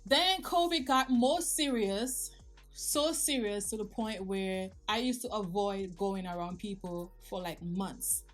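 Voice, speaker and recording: A woman in her thirties speaks to her viewers in a heartfelt life-update vlog, her voice at a middle pitch. She sounds emotional and confiding. Faint music plays softly behind her. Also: slow pace. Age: 30s. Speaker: vlogger.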